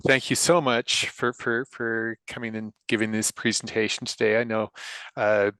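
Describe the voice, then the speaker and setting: A man with a smooth, clear voice and a dry, close sound moderates a video-call Q&A. He speaks haltingly, stumbling over repeated words as he thanks the speaker. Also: on the low side, steady tone, a bit bright, no echo. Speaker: event moderator.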